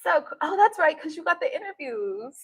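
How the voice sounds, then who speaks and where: A woman's voice: very high-pitched, sing-song, brisk, a bit bright, no room sound, rough recording. A woman tarot reader chatting casually on a live stream, brash, cocky and profane. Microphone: streaming mic.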